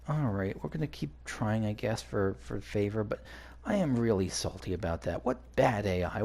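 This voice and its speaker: A man's voice: medium pitch, animated, normal speed, gravelly, darkish tone, slightly rough. A man rambling through casual gameplay commentary for a let's play, chatty and swearing when frustrated.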